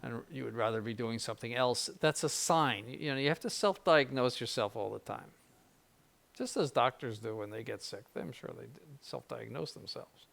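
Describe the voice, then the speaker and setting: Older male bishop, informal seminary conference, gravelly voice, rambling with wry asides. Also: medium pitch, moderate pace, fairly bright tone. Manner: conversational, repeats words, mild jokes, ironic asides.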